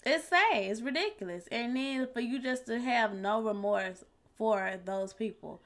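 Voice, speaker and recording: A woman's voice: fairly high pitch, animated, measured pace, fairly bright tone. A woman streamer giving casual, blunt and exasperated commentary in colloquial speech. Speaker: reaction streamer.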